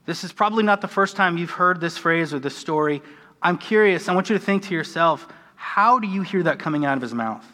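A man's voice: fairly high pitch, animated, brisk, sharp tone. An American man preaching a conversational, earnest sermon, with a self-deprecating manner. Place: church sanctuary. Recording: church hall with long reverb.

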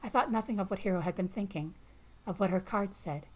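A woman narrating a first-person science fiction story in a calm, measured way. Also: medium pitch.

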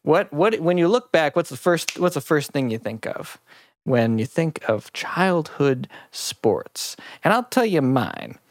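A man's voice: a little high, very animated, measured pace, dry recording. Podcast host guy rambling and restarting, making fun of himself, dry close mic. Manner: rambling, self-mocking, stumbles and restarts often. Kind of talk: casual chat.

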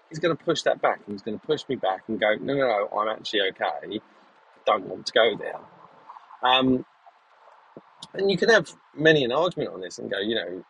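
A man's voice: medium pitch, breathy edge, low-quality recording. A man vlogging in a casual, reflective way, with frequent ums and restarts as he thinks aloud. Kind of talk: casual talking-to-camera vlog.

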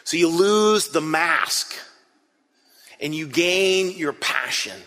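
A man preaching an interactive sermon, earnest and animated, often repeating his words as he speaks to the congregation. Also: on the high side, takes it slowly. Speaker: pastor. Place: church hall. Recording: long hall reverb.

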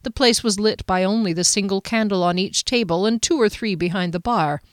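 This woman reads an audiobook at a measured pace with plenty of expression. Her pitch sits in the middle range, and the studio-quality recording carries no room sound.

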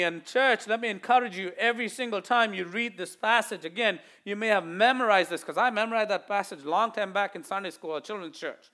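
Talking a little fast with few pauses, a male pastor preaches animatedly to his congregation. His voice is high, bright and forceful, ranging between loud declarations and hushed asides, and he voices the people he quotes.

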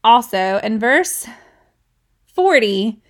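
Speaking with a higher voice, big pitch swings, and drawn-out words, this woman in her thirties hosts a casual devotional podcast. She laughs between points and keeps checking in with listeners by asking "right?" in her chatty teaching.

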